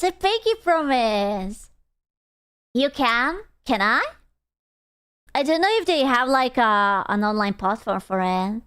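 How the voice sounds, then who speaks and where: A woman with a high, smooth, clean voice chats with her live-stream audience at an unhurried pace. She swears freely and answers questions from chat, and she moves between griping and playful self-mockery. She sits close to a desktop streaming mic. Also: fairly bright tone, no echo. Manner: complaining and playfully self-mocking.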